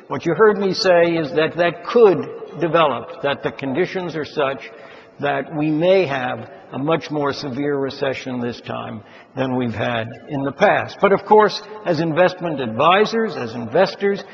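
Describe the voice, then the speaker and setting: An older man giving a measured, emphatic lecture on the economy to an audience of investors, stressing key words. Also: a little high. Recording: dull sound in a large reverberant hall.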